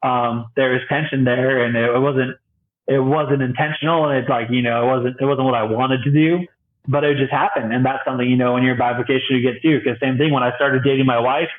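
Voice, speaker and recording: Over a tinny line that sounds like a phone, a young man who works as a bi-vocational youth pastor talks briskly at medium pitch as a guest on a podcast. He tells his stories with animation, performing the quoted voices and laughing frequently.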